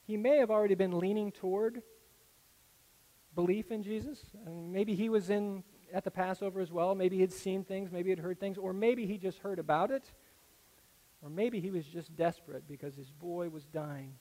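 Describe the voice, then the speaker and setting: A man preaching a sermon that explains a Bible passage, earnest and explanatory, often dropping to a soft, low tone. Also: normal speed. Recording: echoey hall with long reverb.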